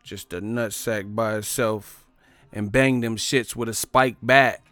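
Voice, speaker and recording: A man voicing a gruff male gang veteran who tells an old story in a slow, low drawl. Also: steady tone, fairly bright tone, no room sound, faint music behind. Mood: reminiscing.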